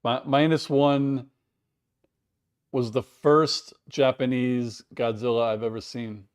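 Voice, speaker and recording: A man's voice: mid-range voice, fairly even intonation, takes it slowly, clean tone. Casual man chatting on a livestream. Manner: chatty, reads out chat messages, reacts with surprise. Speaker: livestream host. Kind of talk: casual live watch-along chat.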